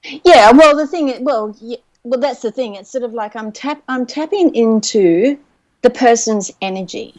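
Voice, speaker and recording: An Australian woman, a clairvoyant guest, explaining things in a relaxed way over a remote call. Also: a little high, moderate pace. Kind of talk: casual interview chat. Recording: dull remote call line.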